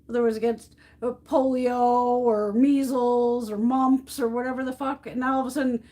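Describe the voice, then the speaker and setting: Her voice is a little high, mellow, and steady, delivered at a moderate pace. She's a middle-aged American hosting a makeup livestream, chatting casually while depotting and ranting bluntly with lots of swearing.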